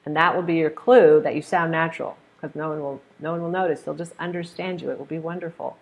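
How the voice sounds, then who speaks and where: An American woman teaching pronunciation in an online webinar, modeling phrases slowly and deliberately and encouraging her students. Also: low-pitched, steady tone.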